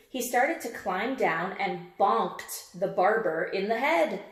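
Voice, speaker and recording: A woman's voice: mid-range voice, animated, unhurried, few pauses, reverberant. A woman teacher reading a picture book aloud and repeating words emphatically as she quizzes her listeners on word endings. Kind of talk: read-aloud phonics lesson.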